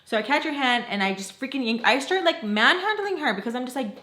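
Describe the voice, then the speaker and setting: A woman's voice: on the high side, lively intonation, fast, pushed and bright. A woman vlogger telling a dramatic story, rambling and emotional, filling her talk with "like". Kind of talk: storytime vlog. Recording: echoey room.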